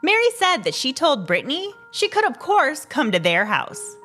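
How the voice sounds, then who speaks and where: A woman narrating a true crime story in an expressive, scripted way. Her pitch moves around a lot, and soft music plays underneath. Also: moderate pace.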